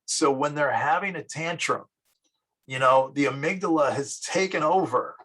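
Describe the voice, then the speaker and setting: A middle-aged man teaching psychology in a lively classroom lecture, acting out little scenes of children and parents as he goes. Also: fairly high pitch, low-quality recording. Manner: lively, acts out children and parents in quick asides.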